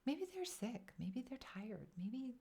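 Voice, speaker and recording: A woman's voice: on the high side, slow pace, vocal fry, breathy edge. Chatty woman telling a personal story. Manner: chatty, animated, acts out quoted inner voices. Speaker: wellness vlogger. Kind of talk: casual personal storytelling to camera.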